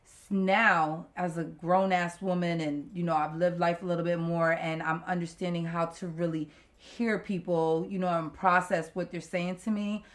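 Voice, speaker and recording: A woman's voice: fairly low pitch, little pitch movement, moderate pace. A middle-aged woman co-hosting a podcast in casual chat, speaking bluntly and emphatically and laughing often. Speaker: podcast co-host.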